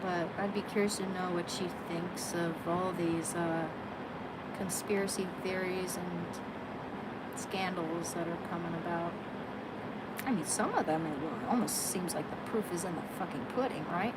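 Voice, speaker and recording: A woman's voice: fairly low pitch, a little slow. Rambling woman on a noisy livestream. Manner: rambling, self-deprecating, trails off and restarts. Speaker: livestream host. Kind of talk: casual livestream chat. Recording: loud background noise.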